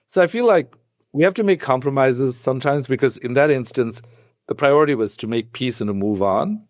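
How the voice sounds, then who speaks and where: A man, a psychiatrist guest on a podcast, who talks in an animated, conversational way and explains things step by step like a teacher. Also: mid-range voice, brisk, dry recording, clean studio sound. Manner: animated storyteller, acts out quoted voices.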